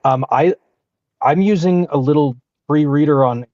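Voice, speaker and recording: A man's voice: fairly high pitch, moderate pace, darkish tone, no room sound, dull audio. A man co-hosting a podcast, talking casually and opinionatedly, with frequent restarts. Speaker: podcast co-host.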